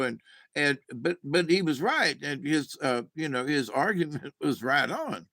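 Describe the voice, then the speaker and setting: A man's voice: mid-range voice, big pitch swings, normal speed, vocal fry, sharp tone, no room sound. A man talking in a rambling, casual monologue to his camera, losing his train of thought, chuckling and swearing offhandedly. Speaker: vlogger.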